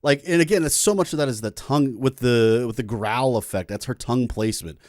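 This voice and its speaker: A man's voice: mid-range voice, a little fast, darkish tone, no room sound, clean studio sound. A man who is a music teacher, casually reacting to a song and enthusiastically explaining vocal technique, with apologetic asides to his viewers.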